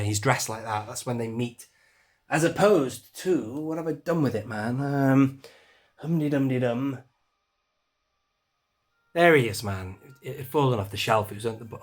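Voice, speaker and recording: A man, casually touring his toy collection shelves in a chatty, self-deprecating way. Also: medium pitch. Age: 40s. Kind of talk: casual shelf tour.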